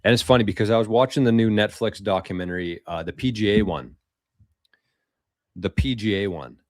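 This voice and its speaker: A man hosting a casual livestream, reading viewer comments aloud in a loose, swearing, chatty way with quick laughs. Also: fairly low pitch, darkish tone, no room sound, studio quality. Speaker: livestream host.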